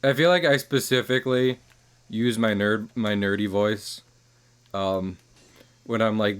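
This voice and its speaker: A man giving casual, rambling commentary while streaming a game, chuckling at his own jokes and trailing off into quieter asides. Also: lowish voice, steady tone, unhurried, long pauses, clean tone.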